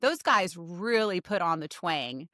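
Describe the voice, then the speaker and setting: A woman's voice: lowish voice, expressive, measured pace, pushed and bright, no echo, studio quality. A woman from Texas, a pop musician guest on a podcast, chatting casually and thinking aloud with many likes and restarts. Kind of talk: casual conversation.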